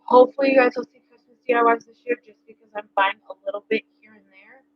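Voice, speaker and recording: A woman's voice: high voice, very animated, quick pace, gravelly, no echo. A woman, a mom vlogger in casual chat to the camera, rambling with lots of fillers. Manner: chatty, rambling with many fillers. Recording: dry, dull lo-fi sound.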